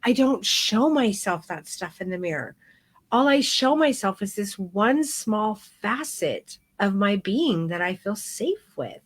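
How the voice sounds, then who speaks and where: A middle-aged woman teaching a live photography class, telling stories in a frank, animated way with casual swearing. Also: medium pitch, unhurried, slightly rough. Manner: frank and animated, with mild profanity.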